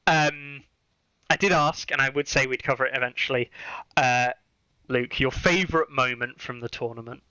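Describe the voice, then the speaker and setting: A man hosts a casual podcast chat, his voice bright and crisp. He rambles a little, with plenty of "um"s and restarts. The recording is dry and close, with no room sound. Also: medium pitch, normal speed, no room sound, highs cut off. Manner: chatty, many fillers and restarts. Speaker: podcast host.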